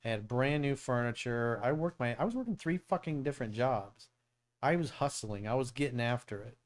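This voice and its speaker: A man's voice: mid-range voice, lively intonation, brisk. Blunt, profane middle-aged man coaching. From South Florida. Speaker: dating coach and show host. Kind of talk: casual live-stream Q&A.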